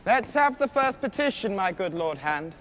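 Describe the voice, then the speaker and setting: A man's voice: high-pitched, very animated, moderate pace, a bit bright, slight background noise. An actor playing an arrogant young king who speaks in an imperious, dismissive way. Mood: commanding.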